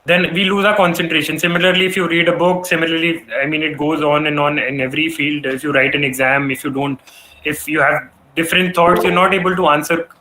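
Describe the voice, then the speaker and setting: A young man addresses an audience with a high, bright, forceful voice. He lectures earnestly, often stopping to restart words and leaning on "you know" as he works through his points. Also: fairly even intonation, fast talker, poor audio. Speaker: guest speaker. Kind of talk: motivational talk on public speaking. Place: event hall.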